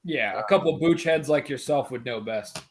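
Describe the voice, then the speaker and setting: A man's voice: mid-range voice, normal speed. A man joining a podcast as a guest over a video call, curious and easygoing, on a computer microphone.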